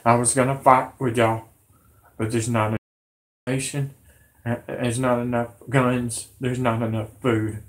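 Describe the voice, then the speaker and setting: A man with a hoarse, sick voice, rambling to his viewers in an agitated, pleading, repetitive way. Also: mid-range voice, flat delivery, a little slow. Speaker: conspiracy vlogger. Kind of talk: rambling monologue to camera.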